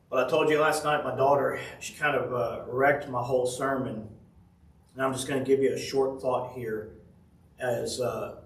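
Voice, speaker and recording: A man's voice: medium pitch, fairly bright tone. A man giving a casual devotional sermon, telling folksy family stories with chuckles. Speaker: pastor. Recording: roomy audio from a distant mic.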